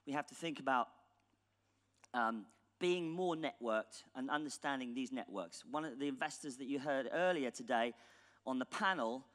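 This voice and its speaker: A man's voice: medium pitch, fairly bright tone. A British man giving a conference keynote in a blunt, ironic, casual manner with swearing. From England. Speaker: conference speaker. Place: large conference hall stage. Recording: long hall reverb.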